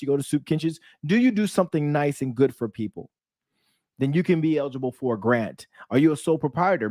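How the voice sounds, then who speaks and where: A man's voice: mid-range voice, no echo. Guy coaching business owners, pumped up and chatty, talks to "you guys", dry close sound. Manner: energetic, storytelling, addresses viewers as "you guys". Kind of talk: casual talk to camera.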